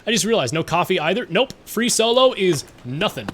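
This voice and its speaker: A man's voice: sits high, very animated, brisk, fairly bright tone, a little hiss or hum. A male streamer giving casual gameplay commentary, rambling and self-mocking with frequent laughs.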